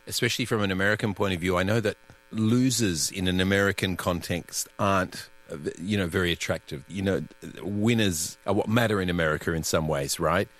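A man hosting a film segment on radio, his voice on the low side. He thinks aloud, circling his point with hedges. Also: a little fast, fairly bright tone. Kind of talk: interview discussion.

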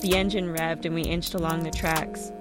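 A woman narrating a first-person story in an even, measured way. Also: deep voice, over loud music.

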